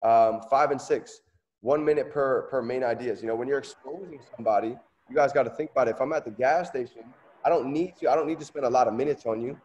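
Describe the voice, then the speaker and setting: A man's voice: medium pitch, quick pace, a little mellow, lo-fi sound. Guy giving a hype business training talk, keeps asking okay?, lots of room reverb. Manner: emphatic, asks "okay?" often, surges of energy. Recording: long reverb, echoey room.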